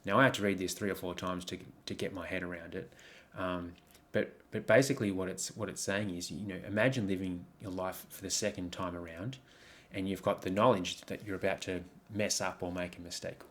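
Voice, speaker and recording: A man's voice: deep voice, steady tone, fairly quick, few pauses, a bit bright. A man giving a coaching talk over slides, reflective, posing many questions, with frequent ums and restarts. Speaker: life coach.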